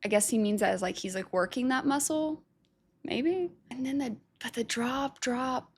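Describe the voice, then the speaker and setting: A woman's voice: a little high, breathy edge. A woman hosting a music reaction video, thinking aloud, unsure of herself, and trailing off into self-doubt. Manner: reads lyrics aloud slowly. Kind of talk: casual reaction commentary.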